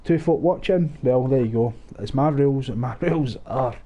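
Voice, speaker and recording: The recording sounds muffled as a young gaming streamer, mid-range voice at normal speed, plays a shooter at home on a headset. He keeps up casual, sweary, sarcastic commentary and laughs a lot.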